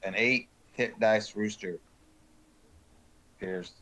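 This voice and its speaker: A man playing a tabletop game, deliberately describing his character's actions step by step. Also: on the low side, fairly even intonation, a bit bright. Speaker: player.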